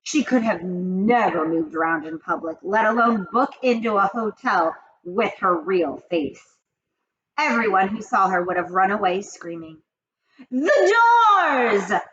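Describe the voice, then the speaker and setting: A woman reading a children's story aloud with expressive, dramatic storytelling. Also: mid-range voice, measured pace, dull audio, a little hiss or hum. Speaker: reader of children's books. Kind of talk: storybook read-aloud narration.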